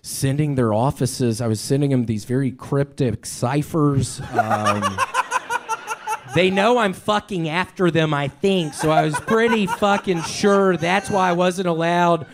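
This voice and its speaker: A man doing stand-up comedy and then chatting on a live club stage, talking loosely and breaking into shouts. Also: fairly high pitch, big pitch swings, a little slow, heavy background noise. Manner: loud, rambling, breaks into shouts. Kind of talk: stand-up set, then panel chat.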